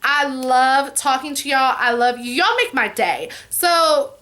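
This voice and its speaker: Woman, 40s, high bright voice, chatty Q&A vlogger. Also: animated, measured pace. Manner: chatty, warm-hearted, says "y'all" and "you know" often. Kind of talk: casual Q&A chat to camera.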